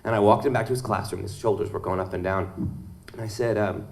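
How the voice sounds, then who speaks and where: A man's voice: on the low side, steady tone, quick pace, creaky, darkish tone. A man on an author panel telling a funny story about his teaching days, with lots of ums and acted-out quotes. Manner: humorous, many ums, acts out quotes. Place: event hall with audience.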